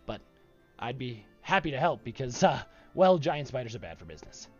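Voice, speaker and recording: A man's voice: mid-range voice, big pitch swings, brisk, darkish tone, dull audio, faint music behind. A man voicing a friendly, rambling male bartender in a tabletop game. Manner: rambling, eager to help. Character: friendly hesitant male bartender with magic sword.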